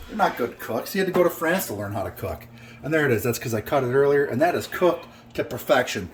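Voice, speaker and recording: A middle-aged man talks through his cooking in a casual home vlog, brash and boastful, full of jokes. His voice sits at an ordinary pitch, and faint kitchen clatter and noise run under it. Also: lively intonation, brisk. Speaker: home cook vlogger.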